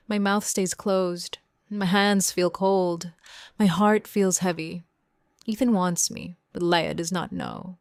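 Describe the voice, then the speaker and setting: A young woman narrating a first-person story in slow, simple, clear sentences for English learners. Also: on the low side, steady tone, dry recording, clean studio sound. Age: young adult. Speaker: audiobook narrator.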